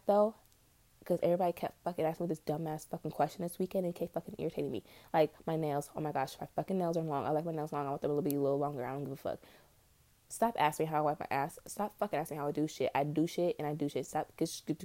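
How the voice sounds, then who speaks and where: Young woman podcaster talkin high and swearing a lot, low dark voice, super dry sound. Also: no room sound. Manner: profane, blunt and scattered. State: high on weed. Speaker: podcast host. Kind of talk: casual rambling monologue.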